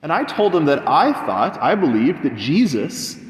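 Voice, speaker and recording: A young man preaching as a priest, telling a story and acting out the voices of the people in it. His voice sits a little high. He is recorded in a roomy church with a long, ringing reverb. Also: big pitch swings, measured pace. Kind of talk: sermon.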